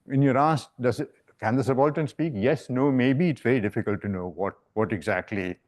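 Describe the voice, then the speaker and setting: This male professor moves fairly quickly through a discursive academic lecture in a lecture hall, repeatedly asking "right?" to check in. His voice has a medium pitch and a slightly mellow tone.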